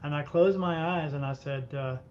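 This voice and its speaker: Man telling a story on muffled audio. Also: normal speed. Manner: animated anecdotes, acting out quoted voices. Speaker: medium, podcast guest. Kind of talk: casual storytelling. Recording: muffled audio with faint rumble.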